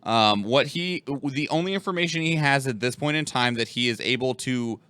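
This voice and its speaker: A man's voice: medium pitch, moderate pace, sharp tone, clean tone. A man co-hosting a podcast in casual chat, rambling with lots of fillers and laughs. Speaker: podcast co-host.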